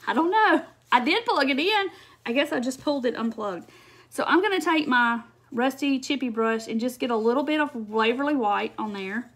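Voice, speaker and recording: A woman's voice: on the high side, fairly bright tone, slight background noise. Chatty woman hosting a craft livestream. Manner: chatty, answers viewer comments, laughs often. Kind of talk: casual live craft demonstration.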